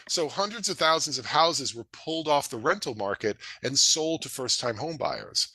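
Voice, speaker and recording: A middle-aged man presenting to an audience in an energetic, folksy way, acting out dialogue. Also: dry recording. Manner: energetic, folksy, acts out dialogue with rising pitch. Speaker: real estate investor presenting a webinar.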